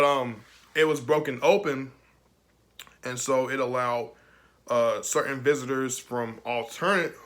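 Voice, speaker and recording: Bright-voiced young man rambling through a review. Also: medium pitch. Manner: rambling and emotional, laughs often. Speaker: film reviewer. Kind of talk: casual video review.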